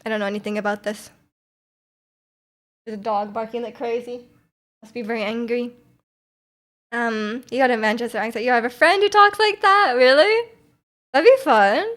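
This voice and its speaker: A woman's voice: fairly high pitch, normal speed, pauses often, fairly bright tone. A young woman streamer chatting casually with her viewers, rambling with lots of "like"s and restarts and laughing often. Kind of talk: casual chat reading chat messages.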